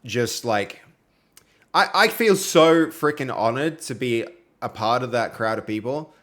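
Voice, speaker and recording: This livestreaming programmer is a young Australian man whose medium-pitched voice sounds fairly bright and animated, never rushed. Working through code, he keeps up a relaxed, filler-heavy banter with his audience, reading their comments aloud as they pop up.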